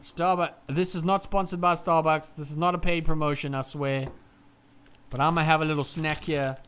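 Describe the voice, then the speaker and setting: A man calling a race live in a casual, chatty way, swearing freely as he goes. His voice sits high and sounds smooth and clean. He moves from relaxed chatter to loud, excited calls. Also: moderate pace. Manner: chatty, swears, swings from laid-back to shouting. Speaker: fan race commentator.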